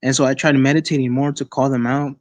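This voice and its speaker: A mid-range male voice with a level tone tells a personal experience as a guest on an online call. He speaks casually and haltingly, often restarting and repeating words; there's no room sound.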